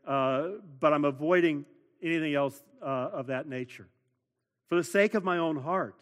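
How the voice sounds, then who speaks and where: A man preaches in an earnest voice that sits a little high, repeating key words and building to louder emphasis. His sermon rings out with a long reverb, as in a church sanctuary. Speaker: pastor.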